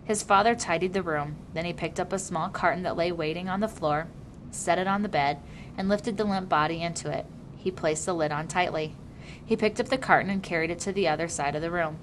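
A woman reading a novel aloud in a measured, even storytelling manner. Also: lowish voice, a little hiss or hum. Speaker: audiobook reader.

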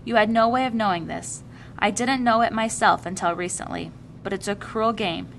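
A woman's voice: mid-range voice, moderate pace, gravelly, a bit bright, slight background noise. Woman voicing an earnest weary boy. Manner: careful, weary.

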